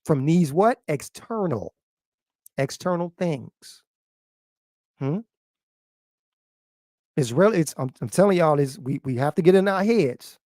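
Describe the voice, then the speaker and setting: A man teaching in a sermon style, reading passages aloud and explaining them, who keeps asking "what?" and "huh?" and repeats phrases, swinging from loud to quiet. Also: a little high, expressive, unhurried, long pauses, dry recording, studio quality.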